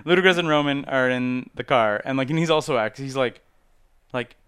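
A man talking casually about movies, animated, laughing often and acting out lines from the films. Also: medium pitch, moderate pace, clean tone, dry recording. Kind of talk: casual chat.

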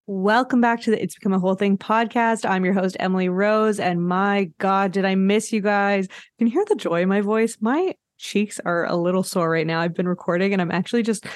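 A woman hosts her own podcast in a relaxed, chatty monologue. She is playful and slips in sarcastic asides. Her voice sits mid-range and is recorded close and dry, with no room sound. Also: mid-range voice, no echo. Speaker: podcast host.

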